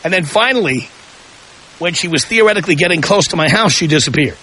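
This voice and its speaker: A man's voice: on the high side, animated, fast talker, sharp tone, low-quality recording. A man hosting a call-in radio talk show, asking provocative questions with heavy emphasis.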